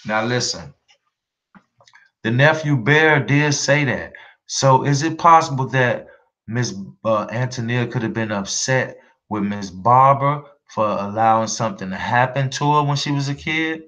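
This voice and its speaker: An online news commentator addresses his viewers directly in casual, emphatic commentary, repeating himself and swearing freely to drive his points home. His medium-pitched voice moves a little slowly with a fairly bright tone, captured in roomy, dull lo-fi audio.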